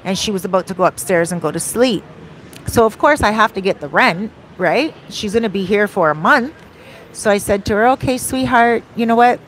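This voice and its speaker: Animated woman telling a story. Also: mid-range voice, moderate pace, a little hiss or hum. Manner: animated retelling, acts out quoted dialogue. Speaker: vlogger and rental host. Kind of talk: casual storytelling vlog. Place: home in a beach town, outdoor traffic faintly behind.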